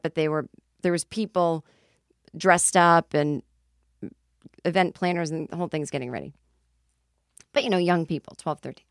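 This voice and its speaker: Low-voiced woman telling a story. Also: dry recording, studio quality. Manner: animated storyteller with shrieked outbursts. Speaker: podcast host. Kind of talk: casual storytelling monologue.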